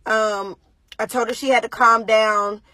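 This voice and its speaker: Woman, shaken mother addressing livestream viewers, higher voice, dry close mic. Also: fairly even intonation, pushed and bright, no room sound. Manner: shaken, pausing often with ums. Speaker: mother giving a livestream update. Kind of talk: casual live video talk to viewers.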